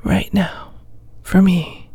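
A woman in a whispered role-play, talking in a slow, commanding, coaxing whisper. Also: dark tone, no echo. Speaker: ASMR performer.

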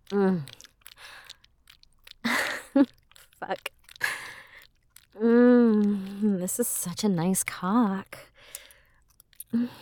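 In an intimate audio role-play, a young woman with a mid-range voice plays a teasing, bossy roommate. She speaks in a hushed, playful way, often with soft laughs.

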